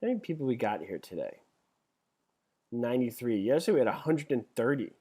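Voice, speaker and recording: A middle-aged man teaching a live webinar as an exam instructor, chatty and joking, reading multiple-choice questions out slowly. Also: mid-range voice, big pitch swings, dark tone, breathy edge. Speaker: real estate exam instructor.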